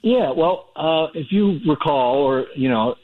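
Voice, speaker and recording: A man's voice: on the high side, expressive, unhurried. Chatty man on a tinny phone line. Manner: chatty storyteller, many fillers and restarts. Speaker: author guest. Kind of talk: phone-in radio interview.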